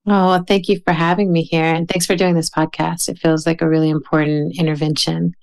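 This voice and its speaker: A woman from the American South, a writer speaking as a podcast guest in a thoughtful, measured way. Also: low-pitched, flat delivery, gravelly, darkish tone. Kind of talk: reflective podcast conversation.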